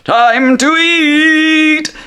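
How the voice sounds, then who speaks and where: A man voicing a gluttonous, gleeful male genie chef in a shrill, cartoonish voice. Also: drawn-out words, pushed and bright, slight background noise, full character voice.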